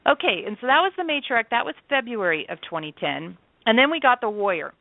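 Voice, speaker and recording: A woman's voice: on the high side, very animated, brisk, vocal fry, no echo. A woman guest in an interview, talking in a chatty, enthusiastic way with frequent restarts. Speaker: channeler and author, interview guest. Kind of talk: casual interview talk. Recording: dry tinny phone line.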